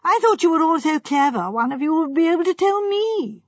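A woman's voice: very high-pitched, sing-song, fairly quick, no room sound, pitched above the performer's own voice. A woman reading the part of a vague, wide-eyed young actress who speaks with naive eagerness. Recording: slightly dull, dry recording.

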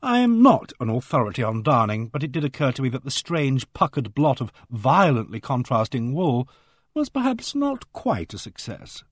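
A man's voice: mid-range voice, huge pitch swings, normal speed, breathy edge, dry recording. Wry man narrating a novel. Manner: dry, wry first-person storytelling. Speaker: audiobook narrator. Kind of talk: scripted narration.

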